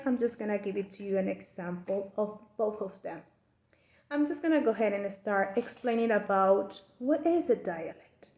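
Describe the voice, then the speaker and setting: A woman giving a class presentation, explaining with careful, deliberate phrasing and frequent restarts. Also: on the high side, warm tone. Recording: echoey room.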